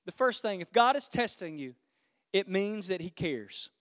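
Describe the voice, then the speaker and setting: A man's voice: high-pitched, sing-song, moderate pace, a bit bright. A man preaching a sermon as pastor, emphatic and stretching key words for effect, in a church. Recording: long hall reverb.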